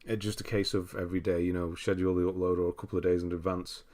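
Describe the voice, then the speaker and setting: A man's voice: deep voice, little pitch movement, quick pace, a little mellow. An English man from England hosting a livestream, chatting casually and reading viewer comments aloud with easy laughs and restarts. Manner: chatty, easygoing, laughs often, frequent restarts. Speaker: livestream host.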